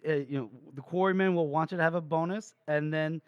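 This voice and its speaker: Man, podcast co-host, casual chat, animated retelling, dry sound. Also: on the high side, brisk, smooth, no room sound, dull audio. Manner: animated retelling, acting out characters. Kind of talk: casual chat recapping a book.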